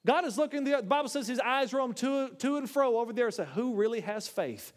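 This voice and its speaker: High-pitched preacher man in a reverberant hall. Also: expressive, fairly quick. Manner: emphatic, rising to impassioned declarations with jokes. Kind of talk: sermon.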